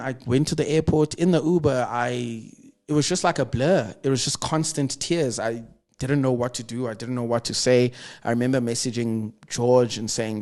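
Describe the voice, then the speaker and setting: A man's voice: medium pitch, a little mellow. South African man recounting a painful memory. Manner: earnest, reflective retelling with emotional weight. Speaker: podcast guest. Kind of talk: personal storytelling in a conversation.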